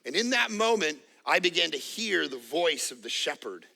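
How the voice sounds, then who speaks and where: A man's voice: on the high side, big pitch swings, normal speed, gravelly, sharp tone. A man in his forties preaching a sermon as pastor, emphatic and repetitive, with joking asides. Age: 40s.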